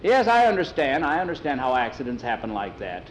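A man voicing a sly, scheming boss who speaks in a smooth manner. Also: mid-range voice, sing-song, brisk, a little hiss or hum, close to an everyday voice, poor audio.

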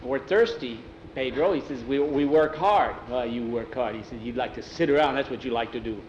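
A man telling a story aloud in a relaxed, folksy way, dropping into broken-English voices for the characters. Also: mid-range voice, moderate pace, muffled recording. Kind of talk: oral storytelling, voicing characters. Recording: roomy, faint ambient noise.

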